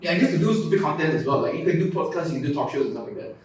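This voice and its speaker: A man's voice: on the high side, expressive, rapid-fire, slight background noise. A young man, a content creator talking casually in an interview, loose and chatty, full of "like" and restarts. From Malaysia. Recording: echoey room, mic at a distance.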